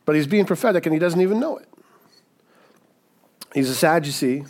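Male preacher, fairly high voice, casual and emphatic, keeps asking "right?". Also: expressive, brisk, darkish tone. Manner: conversational, emphatic, with frequent "right?" asides. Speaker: pastor. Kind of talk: sermon.

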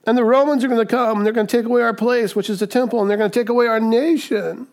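A man voicing panicky, whining male religious leaders in a high, complaining voice. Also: a little fast, creaky, dark tone. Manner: whiny, high-pitched complaining.

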